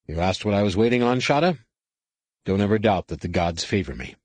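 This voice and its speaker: A man's voice: on the low side, lively intonation, brisk, no echo. A man voicing a confident, wry male starship captain in an audiobook, giving orders with dry humor. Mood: commanding.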